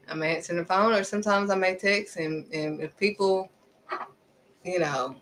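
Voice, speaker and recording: Animated woman preaching self-knowledge. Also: on the low side, normal speed, slight background noise, rough recording. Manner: animated, acts out little back-and-forth exchanges; direct, preachy, repeats questions at the listener. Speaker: faith vlogger. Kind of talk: casual motivational talk.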